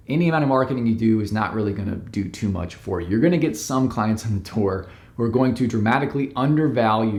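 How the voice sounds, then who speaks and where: A man's voice: mid-range voice, roomy sound. A man who works as a business coach, giving direct, emphatic step-by-step advice to camera. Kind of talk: instructional talk to camera.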